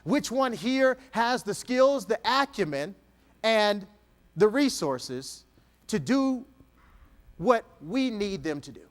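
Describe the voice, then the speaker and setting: A man giving a motivational keynote speech, asking rhetorical questions with dramatic pauses. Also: high-pitched, big pitch swings, long reverb tail. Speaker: keynote speaker.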